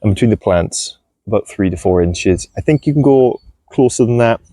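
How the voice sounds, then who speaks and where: A man chatting casually while he shows his farm and garden, relaxed and self-deprecating, with a clip-on mic. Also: lowish voice, moderate pace, no echo. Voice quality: gravelly. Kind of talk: casual walk-and-talk vlog. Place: outdoors on a farm and in a polytunnel. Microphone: clip-on mic on clothing.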